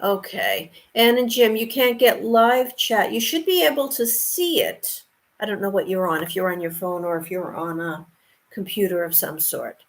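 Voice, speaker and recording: A woman with a mid-range voice talks viewers through a song on ukulele during a live stream, speaking at a moderate pace. She keeps it casual and encouraging, blending instruction with singing along.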